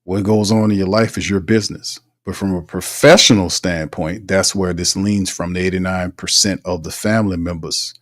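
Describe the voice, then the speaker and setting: Energetic low-voiced New man hosting. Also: moderate pace, few pauses. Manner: energetic, repeats words, laughs often. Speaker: livestream show host. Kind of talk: casual live sports talk.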